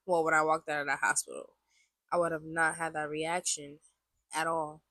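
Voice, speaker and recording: A woman's voice: deep voice, little pitch movement, normal speed, bright, forceful tone, no room sound. A woman in her twenties, sounding congested, casually telling a personal testimony to camera and often repeating herself. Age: 20s. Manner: rambling, repeats phrases, many likes. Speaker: vlogger sharing a testimony.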